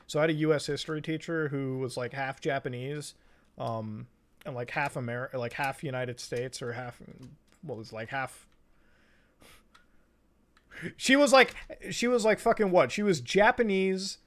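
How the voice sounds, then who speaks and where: A man's voice: medium pitch, moderate pace. A man from Canada streaming a game, chatting casually in a rambling, profane way and laughing often. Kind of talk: casual chat while gaming.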